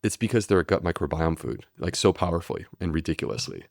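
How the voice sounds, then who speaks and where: A man's voice: sits low, lively intonation, fast, vocal fry, a little mellow, dry recording, clean studio sound. A man, a medical doctor, explaining steadily and earnestly in a podcast interview. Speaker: gastroenterologist guest.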